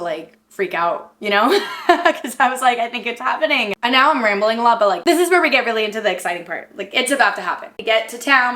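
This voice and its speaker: Bubbly young woman vlogging in an echoey room. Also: fairly high pitch. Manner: rambling, filler-heavy, excitable. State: emotional, near tears. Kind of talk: casual storytelling to camera.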